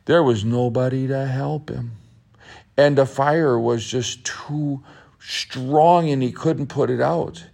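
A man telling a children's story aloud, in a slow, gentle, repetitive way. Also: mid-range voice, vocal fry. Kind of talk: storytelling narration.

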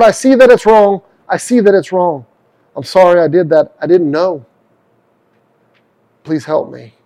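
A middle-aged man delivers a radio sermon in a gravelly, mellow voice. He talks earnestly and conversationally, acting out heartfelt prayers aloud. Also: mid-range voice. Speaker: radio preacher.

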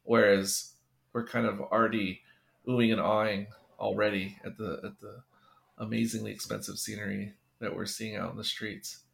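Gravelly-voiced man rambling through commentary. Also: on the low side, level tone, moderate pace. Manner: rambling, self-interrupting. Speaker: podcast co-host. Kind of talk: casual movie commentary.

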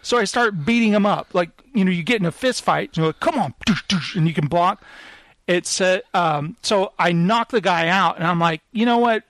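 A man in casual chat, telling a lively story and acting out the lines of the people in it. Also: high-pitched, normal speed, no echo.

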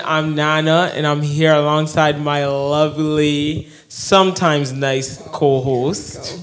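A man co-hosting a podcast in casual chat, playful and loud when he protests. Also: a little high, flat delivery, slow pace, few pauses, soft background music. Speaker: podcast co-host.

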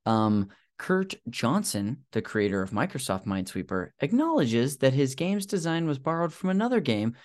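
A man's voice: medium pitch, very animated, moderate pace, few pauses. A man hosting a casual podcast, sharing facts in a rambling, hesitant way with many fillers and self-deprecating asides. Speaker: podcast host.

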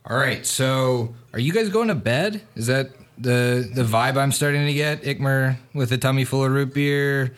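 A man's voice: mid-range voice, normal speed, few pauses. A man narrating a tabletop role-playing podcast as game master, loose and joking, laughing often.

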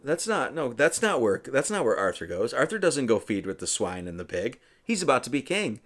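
A man's voice: medium pitch, sing-song, fairly quick, fairly bright tone. A man giving a casual, rambling film commentary, full of "you know" and "right?".

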